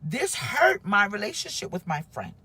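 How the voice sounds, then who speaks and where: Husky-voiced woman pastor telling a story. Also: medium pitch, moderate pace. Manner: emotional, animated storytelling with acted quotes. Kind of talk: testimony on a live stream.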